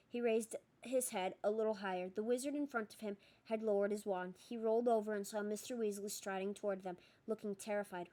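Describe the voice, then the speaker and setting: A woman reading a novel aloud as narrator, steady and expressive with small slips. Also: mid-range voice, brisk, few pauses. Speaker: audiobook reader.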